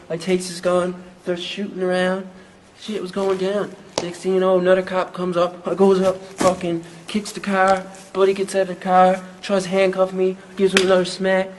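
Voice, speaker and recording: A man's voice: fairly high pitch, fairly even intonation, unhurried, slight background noise, natural voice, low-quality recording. A man with a Newfoundland accent playing a crude, boastful young rapper, telling a rambling, profane story in a mockumentary interview. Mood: worked up.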